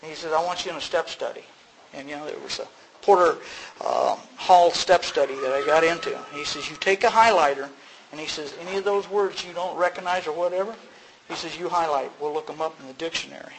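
At a recovery meeting, a middle-aged man briskly shares his personal story with the group in a conversational way, sprinkling in "you know" and laughing at himself. He acts out both sides of dialogues with sudden rises in pitch, and the recording is low quality.

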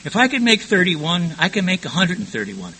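A man's voice: high-pitched, big pitch swings, a little fast, bright, forceful tone, husky, poor audio. An older man frankly recounting his past in a rambling personal testimony, often stumbling and repeating words.

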